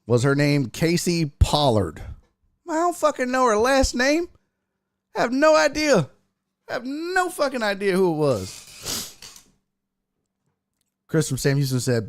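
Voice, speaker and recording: A man hosting a sports stream, telling a story with lots of cursing and quoted voices. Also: a little high. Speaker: sports show host. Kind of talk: casual livestream chat and storytelling.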